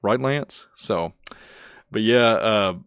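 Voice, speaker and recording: A man with a Kentucky accent, hosting his channel and chatting casually, rambling and chuckling often, turning soft and emotional. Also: on the low side, takes it slowly, clean tone, dry recording, studio quality. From Kentucky, USA. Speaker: channel host. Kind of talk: casual thank-you vlog chat.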